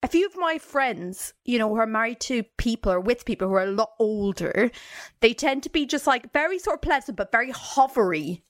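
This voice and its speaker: An Irish woman co-hosting a podcast, chatting casually and telling a story with quick impressions. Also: fairly high pitch. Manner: animated, breaks into quick impressions. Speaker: podcast co-host.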